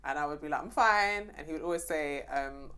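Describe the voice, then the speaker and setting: Brief: woman co-host, fairly low voice, lively chat with laughs. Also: brisk, clean tone. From Jamaican household in the UK. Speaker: podcast co-host. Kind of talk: casual chat.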